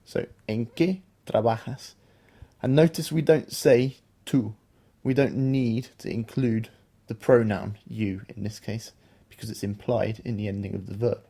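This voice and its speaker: Male podcast teacher, patient and explanatory, mellow low-key tone. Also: steady tone, a little slow, creaky, husky. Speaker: language teacher, podcast co-host. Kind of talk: explaining a beginner language lesson.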